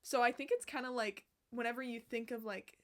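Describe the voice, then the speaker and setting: A young woman chatting casually to camera as a vlogger, bubbly and swearing a lot, with bursts of loud laughter and whispered asides. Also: a little high, fairly even intonation, fairly quick.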